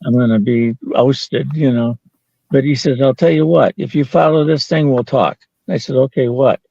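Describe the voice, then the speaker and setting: This older interview guest has a gravelly, dark, mid-range voice and talks at a normal speed while he shares a story, quoting others and breaking into laughs here and there. There's no echo, though the audio sounds dull.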